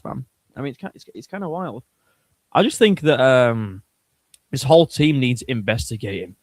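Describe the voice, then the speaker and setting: A man's voice: medium pitch, lively intonation, normal speed, no room sound. A man hosting a casual livestream, chatting in a joking, crude and rambling way. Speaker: streamer host.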